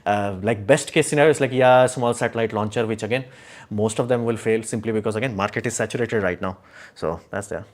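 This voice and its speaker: A man's voice: on the low side, fairly quick. Man, livestream host, blunt, opinionated, rambling, lots of fillers. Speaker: livestream host answering chat. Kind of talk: casual livestream talk.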